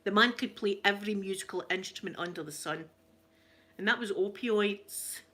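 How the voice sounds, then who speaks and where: A middle-aged Scottish woman who hosts an ASMR channel chats casually and tells family stories, often laughing and acting out the voices she quotes. Her voice is medium-pitched and sharp in tone, at a normal speed.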